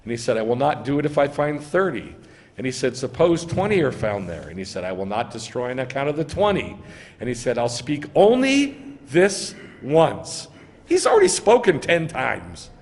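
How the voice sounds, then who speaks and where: A man's voice: medium pitch, sing-song, brisk, big-room sound. A man preaching as a rabbi, reading scripture aloud and arguing its meaning, rising to emphasize key lines. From United States. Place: synagogue sanctuary.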